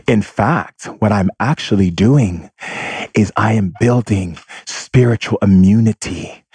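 A man with a low, husky voice giving an inspirational monologue. He speaks in an emphatic, theatrical way and draws out words with affection. The sound is dry and close to the mic. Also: darkish tone, no room sound.

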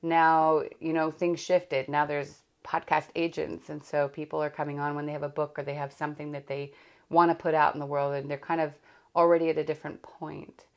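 Low, gravelly-voiced woman podcast host. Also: flat delivery, brisk, lo-fi sound. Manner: rambling, self-correcting, candid. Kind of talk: casual chat.

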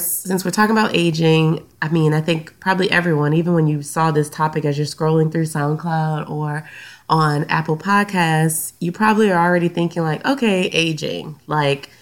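A woman with a Southern US accent hosting her own podcast in casual chat, slightly stuffy from a recent sinus infection, with frequent "um"s. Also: sits low. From Louisiana, US. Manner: chatty, many "um" fillers. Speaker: podcast host and counselor. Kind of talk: casual solo podcast talk.

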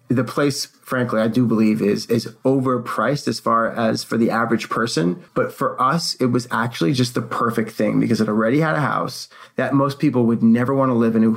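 Gravelly man telling a story casually. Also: mid-range voice. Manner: animated, acts out quotes. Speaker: co-host.

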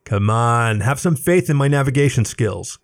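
A man voicing a stubborn, gruff young male dog who is the narrator's best friend in a storybook. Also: medium pitch, animated, moderate pace, no echo, studio quality, close to an everyday voice. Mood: coaxing. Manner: insistent and gruff.

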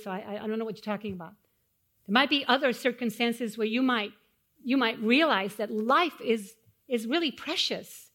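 A woman pastor giving a sermon, asking the congregation questions and dropping to hushed, solemn tones when telling stories of loss. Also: high voice. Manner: dynamic, swings from loud rhetorical questions to hushed solemn tones.

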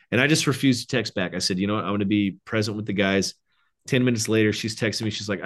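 A man who is a guest and men's coach on a podcast, telling animated stories and acting out quoted lines, growing excited as he talks. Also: on the low side, fast. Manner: animated storyteller, quoting others, excited. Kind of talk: casual interview chat.

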